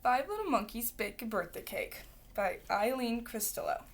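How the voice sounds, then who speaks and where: A woman reading a picture book aloud in a lively, playful way. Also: a little high, moderate pace. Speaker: storybook reader.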